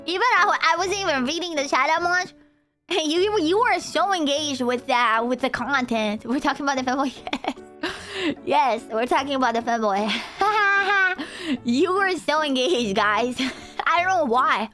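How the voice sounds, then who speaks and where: High-voiced rambling woman streamer. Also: unhurried. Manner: rambling and excitable, says "dude" often; laughs often, trails off into restarts. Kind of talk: casual livestream chat with viewers. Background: faint background music.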